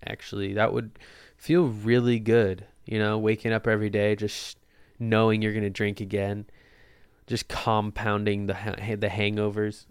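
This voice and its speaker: A man's voice: on the low side, steady tone, unhurried, gravelly, smooth, dry recording, studio quality. A young man hosting a casual solo podcast, answering listener questions in a loose, jokey way and swearing freely. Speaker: podcast host. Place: Portland.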